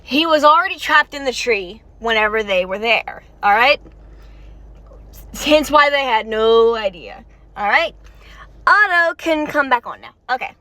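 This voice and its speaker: High bright chatty woman in a car. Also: unhurried, no echo. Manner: excitable, chatty, talks straight to viewers with frequent restarts. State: tired and warm. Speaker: video creator reacting to a game story. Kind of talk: rambling reaction commentary to viewers. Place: inside a parked car.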